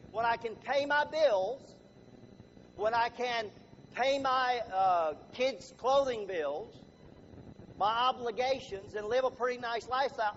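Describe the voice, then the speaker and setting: A man's voice: extremely high pitch, a bit bright. A man giving a humorous talk as a motivational speaker, chatty and quizzing the room with show-of-hands questions. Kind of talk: humorous live talk to an audience. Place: room with a live audience. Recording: dull lo-fi recording with faint noise.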